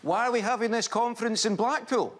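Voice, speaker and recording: A man delivering deadpan one-liners on a comedy panel show. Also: extremely high pitch, a little fast, over a noisy crowd, very noisy. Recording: distant mic in loud studio.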